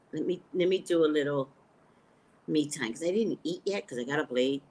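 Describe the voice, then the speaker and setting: A woman hosting a casual psychic livestream, talking straight to her viewers in an animated way and laughing often, on a webcam mic at home. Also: lowish voice.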